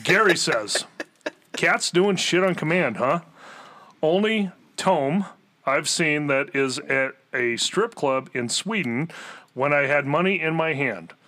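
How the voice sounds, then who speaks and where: Guy reading fan emails on a podcast, kinda high bright voice, jokey and crude. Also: animated, slow pace. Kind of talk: casual podcast banter.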